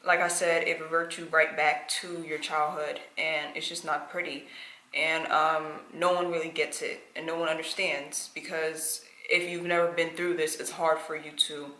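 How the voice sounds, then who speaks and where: A woman's voice: low-pitched, little pitch movement, moderate pace, sharp tone, echoey room, low-quality recording. A woman telling her own story to the camera in a candid personal vlog, her speech full of "like" and "um" fillers. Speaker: vlogger.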